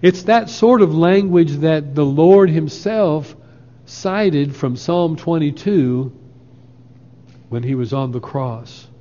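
A man preaching a sermon in a slow, earnest way, quoting scripture at length. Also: fairly high pitch, warm tone. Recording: lo-fi with long hall reverb.

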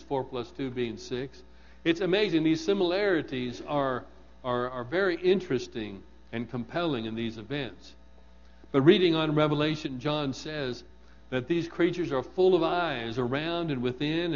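A man's voice: fairly high pitch, in a large hall, dull audio. A man preaching a sermon, asking his congregation questions and repeating words for emphasis.

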